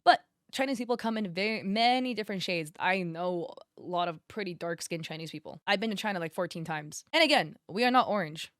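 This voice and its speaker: A woman's voice: mid-range voice, expressive, fairly quick, few pauses, fairly bright tone, no room sound, clean studio sound. A woman giving drama commentary, blunt and exasperated, who swears freely and explains at length. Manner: explains at length, rising emphasis. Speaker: commentary youtuber.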